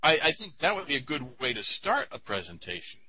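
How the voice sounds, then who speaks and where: A man talking in a casual chat, rambling and halting with many fillers. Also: medium pitch, huge pitch swings, dull audio.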